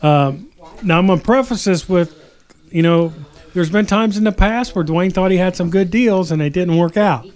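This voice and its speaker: A man's voice: high voice, normal speed, darkish tone. A man hosting a casual chat, setting up a guest's story with teasing asides. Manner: joking, teasing interjections. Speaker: host.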